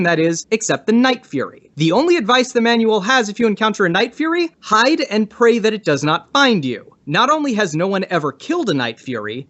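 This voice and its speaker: Brief: male podcast debater reading a prepared argument with animated, emphatic delivery. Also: high voice.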